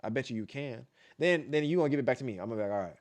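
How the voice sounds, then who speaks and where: A man's voice: mid-range voice, very fast. A man giving blunt, profane live-stream commentary, repeating points for emphasis and vocalizing beat patterns aloud. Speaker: streamer reacting to dance battles.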